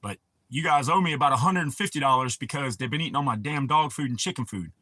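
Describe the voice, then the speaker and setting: A man's voice: medium pitch, quick pace, sharp tone, dry recording. A man, hosting a casual livestream and rambling crudely with a lot of swearing. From United States. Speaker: livestream host.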